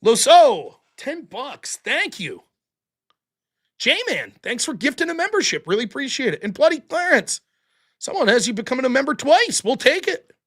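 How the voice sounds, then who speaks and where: Animated male livestream host. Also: very high voice, normal speed. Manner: casual, blunt, thanks viewers warmly. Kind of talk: reading viewer donations on a live stream.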